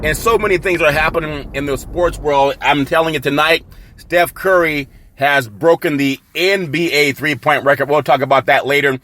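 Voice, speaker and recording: A man hosting his own sports podcast, talking casually and excitedly, shouting catchphrases and laughing at himself. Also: fairly high pitch, moderate pace. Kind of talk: casual sports talk show monologue.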